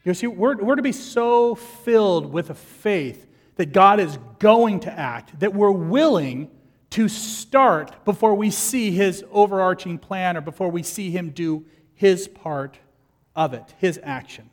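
A man preaching a sermon as pastor, lively and animated, acting out the people in his stories. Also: high voice, unhurried, big-room sound.

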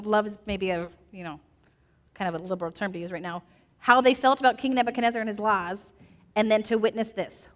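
Lively woman telling a Bible story. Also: on the high side, big-room sound. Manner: lively, playful, asks children questions. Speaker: children's message teacher. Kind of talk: animated Bible story for children.

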